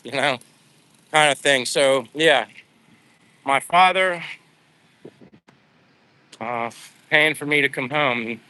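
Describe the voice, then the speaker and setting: Bright-toned middle-aged man, emotional rambling. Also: mid-range voice, slow pace, long pauses, dry recording. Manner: emotional, rambling, with many restarts. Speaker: vlogger. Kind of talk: casual live-stream storytelling.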